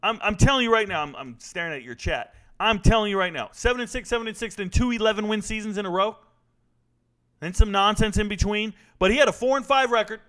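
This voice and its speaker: A man hosting a live stream, answering chat questions about college football in a brash, animated way, arguing with viewers. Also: sits high, fast. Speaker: livestream host answering chat.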